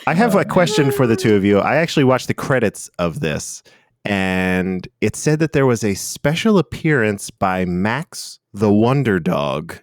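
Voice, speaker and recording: A man's voice: lowish voice, animated, measured pace. A young American man co-hosting a podcast, chatting casually with playful, self-mocking asides. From United States. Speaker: podcast co-host. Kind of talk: casual chat.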